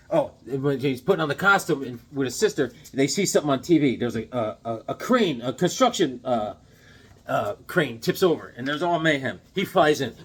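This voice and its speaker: A man's voice: medium pitch, fairly bright tone, breathy edge. A man casually recapping a comic series, rambling and chatty, often checking in with the listener.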